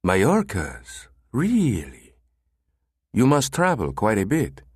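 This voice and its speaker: A man's voice: lowish voice, huge pitch swings, slow pace, husky, dry recording, studio quality, voice pushed up, full character voice. A man voicing a gushing, pushy Spanish salesman who runs an escort service, in an audiobook. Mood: wheedling.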